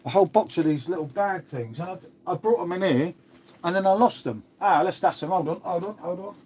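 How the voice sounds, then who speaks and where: A man's voice: high voice, a little fast, a little mellow, a little hiss or hum. An English man chatting casually on a live stream, answering viewer comments in a laid-back way and calling everyone mate.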